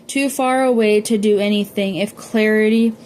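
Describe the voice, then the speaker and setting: A woman's voice: medium pitch, fairly even intonation, normal speed, darkish tone, slight background noise. A woman reading a novel aloud, often stumbling and correcting herself as she goes. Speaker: audiobook reader.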